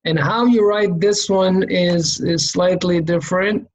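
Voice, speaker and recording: A man's voice: high-pitched, steady tone, unhurried, rough recording. A man teaching a reading lesson, explaining letter shapes and sounds step by step, patiently repeating each sound and checking in with "okay?". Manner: demonstrates sounds by repeating them.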